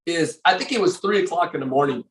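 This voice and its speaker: A man's voice: on the high side, animated, quick pace, far from the mic. Rambling older man storyteller, echoey. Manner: rambling, with many fillers and restarts. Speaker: podcast guest, former bodybuilder. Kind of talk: casual storytelling interview.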